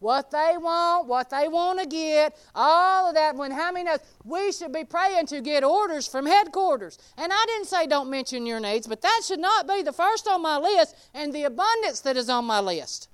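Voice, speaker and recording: A woman preaching an informal sermon, folksy and animated, calling out members of the congregation by name. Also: high-pitched, moderate pace, hardly any pauses.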